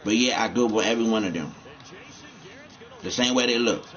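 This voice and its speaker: A man's voice: on the low side, fairly quick, fairly bright tone, dull audio. A man rambling and cursing as he comments on a game he is playing, often repeating himself. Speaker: gamer.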